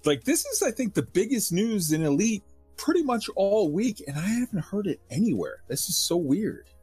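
A man co-hosting a casual podcast, speaking in an excited, emphatic way. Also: sits high, moderate pace, breathy edge, no room sound, soft background music. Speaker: podcast co-host.

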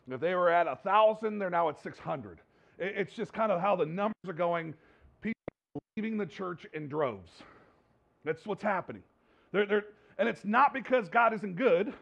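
A pastor with a high-sitting, gravelly voice delivers a conversational sermon to his congregation in the church sanctuary, frequently restarting and repeating himself. The recording has its highs cut off.

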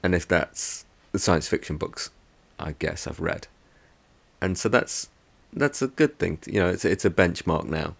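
A man's voice: low voice, lively intonation, measured pace, creaky, breathy edge. A man hosting a podcast, giving a casual, rambling book review full of hesitant restarts. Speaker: podcast host.

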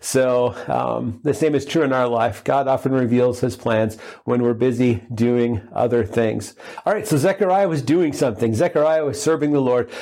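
A male pastor delivers a sermon in a relaxed, conversational way. His voice is mellow and warm, at a middle pitch. He fills his talk with fillers and humorous asides. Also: moderate pace, gravelly.

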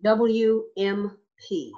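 A woman's voice: mid-range voice, drawn-out words, dark tone. A woman state legislator telling a story in an interview, emphatic, repeating words and checking in with "okay?". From Nevada. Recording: slightly dull lo-fi sound.

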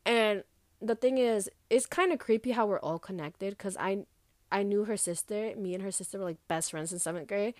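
A young woman vlogger telling a personal story in a loose, casual way, full of fillers and swearing, animated as she retells it. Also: mid-range voice, moderate pace, no room sound, clean studio sound.

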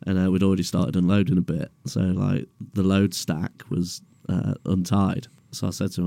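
A man's voice: sits low, flat delivery, moderate pace, vocal fry, few pauses, mellow, no room sound. A young man in a garage, telling a story as podcast co-host in a laid-back, sweary way and laughing along. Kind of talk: casual storytelling chat.

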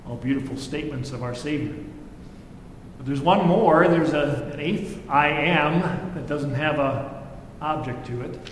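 A pastor giving a sermon, reading scripture and then preaching in a conversational way, acting out the quoted lines with feeling. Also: male voice, measured pace. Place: church sanctuary. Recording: echoey hall with faint rumble.

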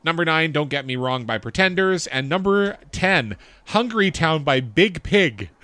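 A man's voice: a little high, lively intonation, a little slow, bright, forceful tone, no echo. A man co-hosting a podcast in casual chat, reading facts and chart lists aloud and chuckling along. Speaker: podcast co-host.

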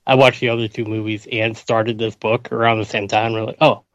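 A man's voice: fairly low pitch, level tone, a little fast, dry recording, lo-fi sound. A man co-hosting a podcast, chatting casually about a film, hesitant and self-deprecating. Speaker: podcast co-host.

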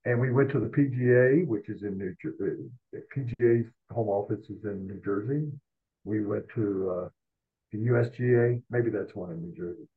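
An older man with a husky, worn voice spins animated, self-mocking anecdotes as a podcast guest. His sound is thin and phone-like, as if he's calling in over a narrow line. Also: lowish voice, normal speed. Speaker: podcast guest, sports columnist. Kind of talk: rambling anecdotal storytelling.

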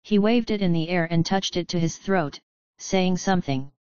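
A woman narrating a fantasy audiobook in a measured, steady reading. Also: on the low side, clear, resonant tone, no room sound, highs cut off.

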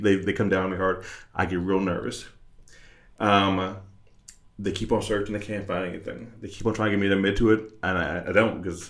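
A young man telling a story in casual conversation, animated and laughing, acting out the other people in it. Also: fairly low pitch. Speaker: guest telling a personal story.

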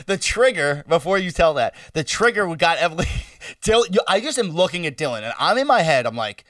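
Man, high voice, very lively pitch, casual chat, slightly distant mic. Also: fairly quick, no echo. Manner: excitable, swoops into mock voices. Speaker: podcast co-host.

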